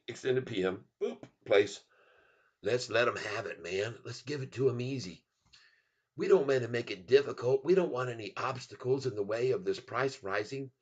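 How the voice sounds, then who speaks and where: A man hosting a casual livestream, rambling and joking as he calls out his stock trades. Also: medium pitch. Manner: rambling, joking, laughs often. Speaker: livestream host trading stocks. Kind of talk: casual live commentary. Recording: dull lo-fi sound.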